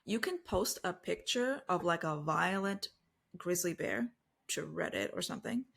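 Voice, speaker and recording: A woman's voice: lowish voice, unhurried, gravelly, husky. A woman co-hosting a podcast, chatting casually and giving playful everyday examples, with a lot of "like". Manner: lively, playful examples, many "like"s. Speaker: podcast co-host.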